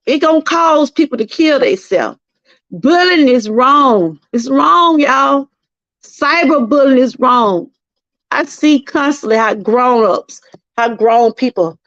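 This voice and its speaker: Middle-aged Southern woman, high voice, earnest preachy live-stream testimony, dry muffled lo-fi sound. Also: no echo. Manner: earnest, preachy, repeats herself, talks to chat. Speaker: channel host.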